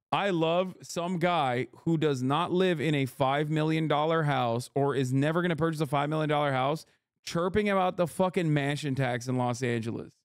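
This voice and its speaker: Male political streamer; incredulous, profane, sarcastic commentary, a touch high, dry room. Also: clean tone, dry recording. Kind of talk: live reaction commentary.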